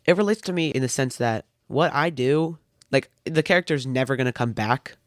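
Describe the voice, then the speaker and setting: A man's voice: medium pitch, normal speed, no room sound. Thirteen-year-old boy, dry close sound. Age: teens. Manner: rambling, dry wit. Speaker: podcast guest. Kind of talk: casual chat.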